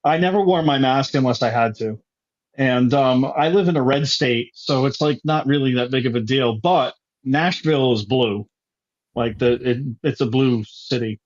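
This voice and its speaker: A male guest with a mid-range voice talks at a normal speed in a casual conversation, ranting heatedly and swearing freely. The recording has a dull, lo-fi sound.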